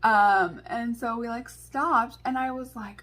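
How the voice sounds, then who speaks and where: A woman's voice: fairly high pitch, slow pace, few pauses, a bit bright. A young woman vlogger telling a story and doing a makeup tutorial, with chatty talk full of fillers. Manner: chatty, filler-heavy with many "like"s. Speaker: beauty vlogger.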